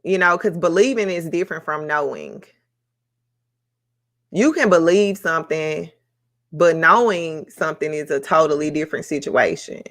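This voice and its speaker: A woman hosting a book club discussion on a live stream, speaking in a reflective, emotional way with many pauses and fillers. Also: low voice, a bit bright.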